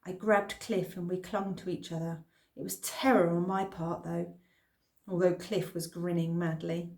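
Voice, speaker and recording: A woman reading a children's novel aloud in the first person, with expressive storytelling. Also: fairly low pitch, unhurried. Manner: expressive storytelling, lively emphasis. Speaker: reader. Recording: roomy echo.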